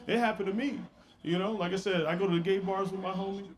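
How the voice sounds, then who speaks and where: A man's voice: sits high, steady tone, quick pace. A man doing a stand-up comedy set, telling stories in a brash, playful way with asides to the crowd.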